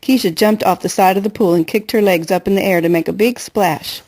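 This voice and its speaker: A woman's voice: mid-range voice, brisk, a little mellow, husky. Woman narrating a novel, earnest. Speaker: audiobook reader. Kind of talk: first-person novel narration.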